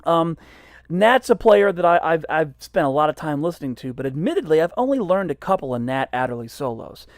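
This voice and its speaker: A man's voice: a little high, sing-song, fairly quick, dry recording, clean studio sound. A man teaching jazz trumpet in a casual, self-deprecating way, explaining each step as he goes. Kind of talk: casual instructional talk.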